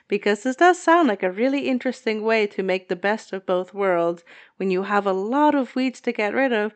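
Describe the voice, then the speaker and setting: Upbeat lady podcast host, smooth clear voice, playful questions. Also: mid-range voice, normal speed. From Southwestern Quebec. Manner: upbeat, playful, addresses listeners. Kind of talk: casual podcast interviewing.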